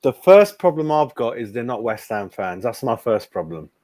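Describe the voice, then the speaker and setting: A man's voice: mid-range voice, sing-song, moderate pace, mellow, no echo. Chatty man, dry sound. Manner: chatty, rambling, says mate a lot. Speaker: fan channel co-host. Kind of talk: casual chat.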